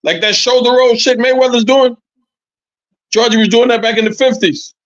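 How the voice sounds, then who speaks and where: A man's voice: very high-pitched, moderate pace, no room sound, lo-fi sound. Profane storytelling man in his sixties. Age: 60s. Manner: animated storytelling, profane, repeats phrases. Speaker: interview guest, former boxer. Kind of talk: casual podcast chat.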